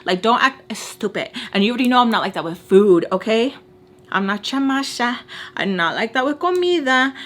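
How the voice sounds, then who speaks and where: Animated, blunt woman telling a story. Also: fairly high pitch, normal speed. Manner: animated, blunt, swears, mixes in Spanish words. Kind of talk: casual storytime chat.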